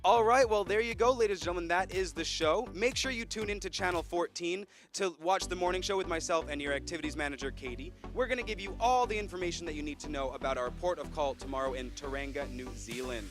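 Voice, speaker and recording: A young man from Florida hosts an evening show as the cruise director, upbeat and joking with the audience. His voice sits a touch high, and soft music runs underneath. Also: quick pace, few pauses. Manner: upbeat showman patter with corny jokes. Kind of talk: stage announcing to a theater audience.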